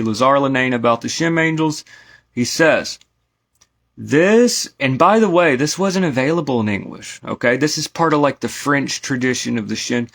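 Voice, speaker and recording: A man's voice: medium pitch, gravelly, a bit bright. An American man teaching esoteric lore in a casual spoken lecture, rambling with many asides and asking "right?" to his listeners.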